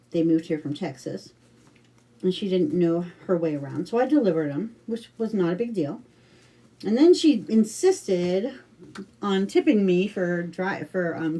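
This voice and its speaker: A middle-aged American woman chats through a craft livestream in a relaxed, rambling way, full of fillers and restarts. Her voice is mellow and soft-edged. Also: on the low side. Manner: chatty, rambling storytelling with many fillers. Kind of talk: casual livestream chat.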